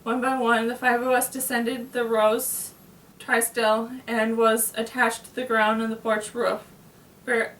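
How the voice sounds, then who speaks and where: A woman reading a novel aloud in a plain, steady way, with small slips and restarts. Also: a little high, a little slow, roomy sound, distant mic, low-quality recording. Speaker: reader.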